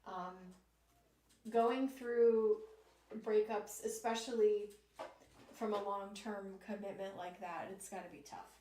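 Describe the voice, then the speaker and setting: A woman's voice: medium pitch, steady tone, takes it slowly, mellow. A woman giving tarot readings on a live stream, chatting with her viewers and reading their comments aloud. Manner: talks straight to her viewers as a group. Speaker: tarot reader. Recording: roomy, distant mic, faint noise.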